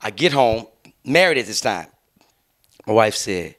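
A young man tells a wild story on a podcast. His pitch swings up and down as he acts out each person's lines, and his tone is bright and forceful. He curses freely and laughs as he talks. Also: very animated, unhurried. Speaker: podcast host. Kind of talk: casual storytelling chat.

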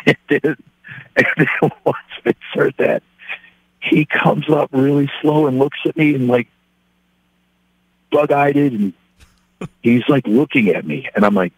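A man's voice: mid-range voice, moderate pace, pauses often, breathy edge, no room sound, narrow, tinny audio. A middle-aged man, a professional wrestler on a podcast, casually retelling a funny, self-deprecating anecdote and acting out the quotes.

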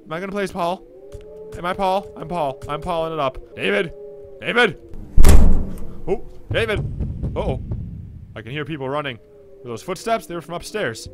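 A man hosting a horror game playthrough, hoarse from screaming, reacting excitably and reading dialogue aloud. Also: fairly high pitch, a little fast, music in the background. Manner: excitable, reactive, talks to the screen. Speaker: gameplay channel host. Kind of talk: let's play commentary, reading dialogue aloud.

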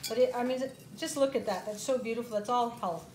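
A woman's voice: a little high, fast, a little mellow, slight background noise. A woman hosting a casual cooking demonstration, chatting in a rambling way with plenty of fillers. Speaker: host. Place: home kitchen. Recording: echoey kitchen with clattering dishes.

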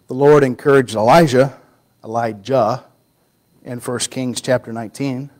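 A man preaching a Sunday sermon, telling a story with lively acted-out quotes and sudden drops to a hushed voice. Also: medium pitch, a little slow, poor audio. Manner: animated storytelling, acting out quoted voices, drops to a near-whisper for emphasis.

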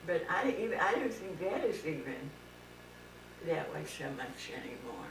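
A woman with a Pittsburgh accent chatting casually with family, often pausing to search for words. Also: fairly low pitch, animated. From Pittsburgh, USA. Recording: echoey room, distant mic, hiss.

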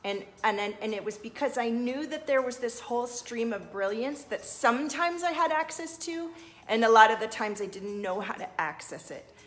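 A woman's voice: fairly high pitch, animated, moderate pace, faint music behind. Earnest woman spiritual coach on a livestream. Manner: earnest, reads viewer comments aloud and answers them. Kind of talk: livestream talk to viewers.

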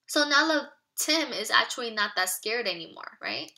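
Bright-voiced teacher reading aloud. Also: female voice, fairly high pitch, moderate pace. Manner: expressive storytelling, asks children questions. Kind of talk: children's read-aloud with explanations.

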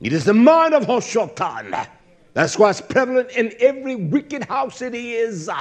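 A man preaching a sermon, quoting and expounding scripture, swinging from shouted high exclamations to low murmurs. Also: very animated. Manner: quotes and expounds scripture, drawn-out emphatic words.

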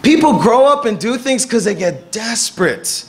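A young man preaching a sermon as pastor, telling stories and acting out the people he quotes with lively energy. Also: very high-pitched, moderate pace. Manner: animated storytelling, acting out quoted voices.

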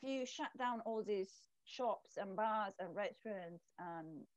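A woman's voice: medium pitch, slow pace, dry recording, highs cut off. A woman from Italy with an Italian accent, a guest on a casual podcast, searching for words and giving her opinions. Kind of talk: casual chat.

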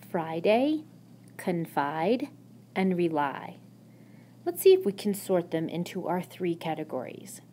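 A woman's voice: on the low side, a little mellow, slight background noise. A woman teacher giving a recorded phonics lesson in a patient, encouraging classroom manner. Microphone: tablet microphone.

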